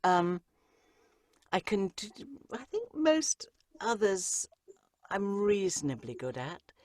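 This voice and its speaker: A woman audiobook narrator answering interview questions in a chatty, lively way, with frequent ums and asides. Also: medium pitch, slow, no room sound.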